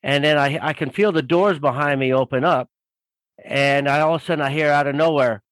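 A man spins a long anecdote as a guest author, rambling and full of fillers. His voice sits a little high and the sound is dry and close. He tells it in a loose, casual way. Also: brisk, no echo, poor audio. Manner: rambling, animated storyteller with many fillers. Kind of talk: casual storytelling.

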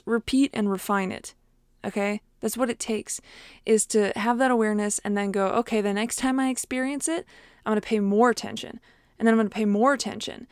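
A woman's voice: mid-range voice, no room sound. Chatty woman coaching in a dry room. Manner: conversational, with frequent fillers and quoted self-talk. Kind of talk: casual podcast monologue.

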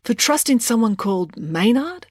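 A woman reading an audiobook voices a desperate, posh teenage girl with a high, breathless, pleading delivery. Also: sing-song, moderate pace, dry recording, studio quality. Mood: excited.

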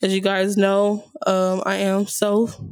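A woman's voice: mid-range voice, monotone, slow pace, a little mellow, clean tone, no room sound. A young woman hosting her channel, casually telling a personal story and often calling her viewers y'all. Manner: chatty, addresses viewers as y'all. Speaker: host.

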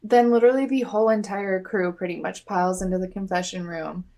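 A woman's voice: medium pitch, fairly even intonation, a little fast, dark tone. A woman co-hosting a podcast, recapping a reality show in chatty, casual talk full of "like". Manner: chatty, lots of "like", acts out quotes. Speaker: podcast co-host.

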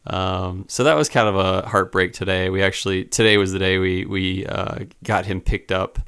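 Low, gravelly man in casual chat. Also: fairly even intonation, fairly bright tone. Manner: rambling, halting, many fillers and restarts. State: a little downcast.

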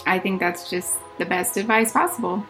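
A woman's voice: mid-range voice, normal speed, faint music behind. Woman hosting a podcast. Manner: warm, sympathetic, encouraging reactions. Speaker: podcast host. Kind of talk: casual interview chat.

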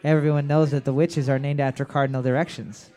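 A man's voice: mid-range voice, flat delivery, fast talker, mellow, some chatter behind. A man hosting live trivia at a bar into a handheld mic, brash and joking, swearing freely and bellowing his calls. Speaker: trivia quizmaster.

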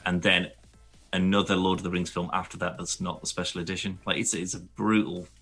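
A man co-hosting a podcast, chatting casually and telling animated stories with the odd swear word. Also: low-pitched, a little fast, faint music behind. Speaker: podcast co-host. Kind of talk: casual chat.

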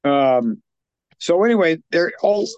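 A man's voice: a little high, sing-song, slow pace, a little mellow, smooth, dry recording, lo-fi sound. Rambling man recapping a film. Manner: rambling plot recap with filler words. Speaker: podcast co-host. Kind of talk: casual film discussion.

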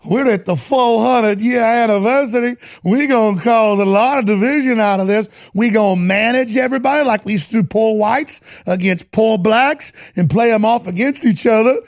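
A man's voice: sits high, normal speed, few pauses, pitched above the performer's own voice. A man mockingly putting on a smug, pompous middle-aged male Southern politician with an exaggerated drawl, relishing every word. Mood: gloating. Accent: exaggerated American Southern drawl.

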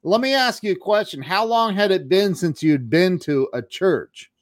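A man's voice: high voice, moderate pace, no room sound, studio quality. A man hosting an interview, reacting with amazed short remarks. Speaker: podcast host. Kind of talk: interview conversation.

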